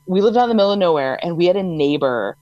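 Woman, casual chat co-host, giggly storyteller, lively swooping voice, dry close sound. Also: lowish voice, racing, no echo, lo-fi sound. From Maryland, USA. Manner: giggly, animated storyteller who laughs often. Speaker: podcast co-host.

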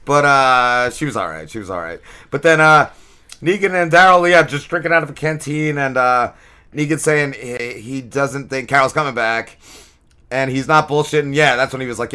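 A man's voice: medium pitch, clean tone. A man hosting a podcast, recapping a TV episode in a rambling, profane, casual way with plenty of filler words. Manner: animated retelling with quick drops in energy. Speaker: podcast host.

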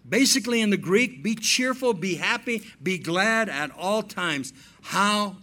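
A male pastor preaching a sermon, animated, telling stories and acting out dialogue. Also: high-pitched, unhurried.

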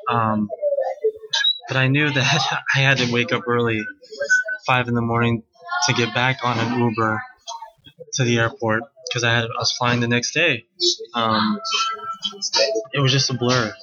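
Man, casual rambling monologue, filler-heavy and slangy, mid pitch, dull lo-fi recording over loud crowd. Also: level tone, measured pace, long pauses. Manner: rambling and chatty, with many "like"s and slang. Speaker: wedding guest recounting his sister's wedding.

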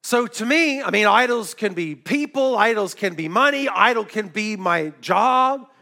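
A middle-aged male pastor giving a sermon in a conversational, storytelling way, with quick asides and light laughs. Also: sits high, animated, gravelly, sharp tone.

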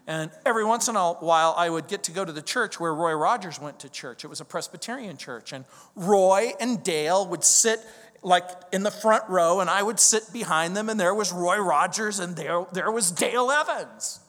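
A high-pitched middle-aged man from Southern California preaches to his congregation, leaning hard on key words and slowing down to drive a point home. His voice carries a long reverb from a large church hall. He switches easily between scripture reading and personal storytelling. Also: fairly bright tone. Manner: storytelling, emphatic with slow drawn-out stresses. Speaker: pastor. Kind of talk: verse-by-verse sermon. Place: church sanctuary.

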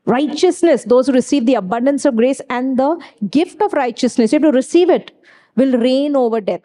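A woman's voice: sits high, normal speed, warm tone. A woman preaching a sermon, emphatic and repeating key phrases, weaving in personal stories.

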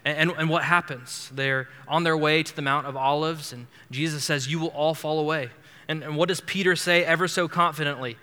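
A man's voice: on the high side, steady tone, fairly quick, few pauses, pushed and bright, long reverb tail. A man preaching an expository sermon as pastor, earnest and emphatic, often repeating words as he builds a point. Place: church sanctuary.

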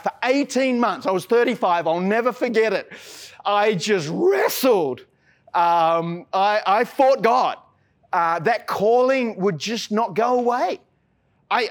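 An Australian man preaching a sermon as a pastor, earnest and casual, often repeating words as he starts a phrase. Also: sits high. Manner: mixes in casual slang.

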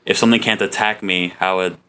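A man's voice: sits low, steady tone, quick pace, pushed and bright, clear, resonant tone. A man playing a tabletop game who checks the rules carefully and asks many questions. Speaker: player.

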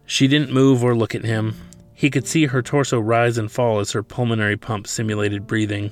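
A man, the author, reading his own novel aloud in a steady, measured way. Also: mid-range voice, faint music behind.

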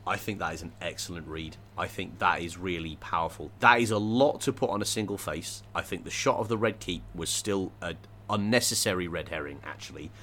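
Deep, bright-toned man musing aloud. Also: fairly quick, hardly any pauses, slight background noise. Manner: thoughtful, hesitant, many restarts and fillers. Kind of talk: casual discussion.

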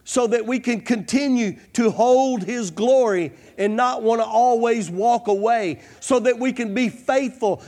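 A man's voice: very high-pitched, a little mellow. A man preaching a fervent sermon, repeating "come on" and "I'm telling you" as he presses his points. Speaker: pastor.

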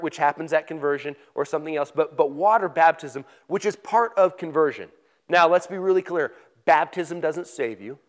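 A pastor giving a conversational sermon, reading scripture aloud with emphasis. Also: male voice, a little high.

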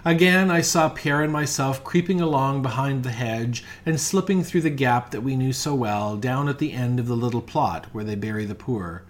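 Man reading a ghost story. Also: mid-range voice. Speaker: reader.

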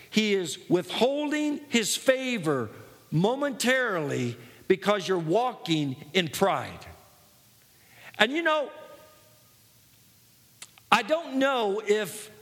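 A man's voice: sits high, fairly bright tone. A man preaching a sermon, earnest and personal, telling his own story with many false starts. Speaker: pastor. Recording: long hall reverb.

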